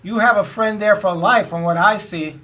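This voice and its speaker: A man's voice: high-pitched, normal speed, sharp tone, slight background noise. A male talk-show host, effusive and full of praise in casual interview chat. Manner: effusive, keeps asking "you know what I'm saying".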